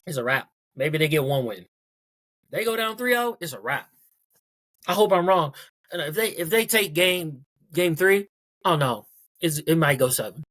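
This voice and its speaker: A man's voice: fairly high pitch, normal speed, fairly bright tone. A man hosting his own podcast in a casual solo rant, blunt and profane, repeating points for emphasis. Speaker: podcast host.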